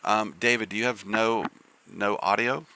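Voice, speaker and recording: A man's voice: fairly low pitch, steady tone, moderate pace, gravelly, pushed and bright. A man hosting a live game stream, chatting casually in a rambling way with lots of fillers and restarts.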